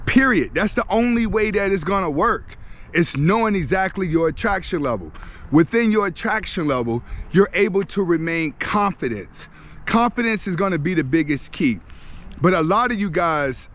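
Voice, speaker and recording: A man's voice: sits high, a little hiss or hum. A young man giving blunt, emphatic dating advice outdoors while walking his dogs. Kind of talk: direct advice monologue.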